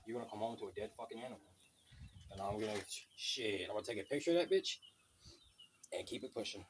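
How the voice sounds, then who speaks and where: A man's voice: lowish voice, quick pace, a little hiss or hum. A man in a casual vlog rant, telling stories bluntly and swearing a lot, outdoors by a road. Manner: profane, blunt, storytelling. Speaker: vlogger.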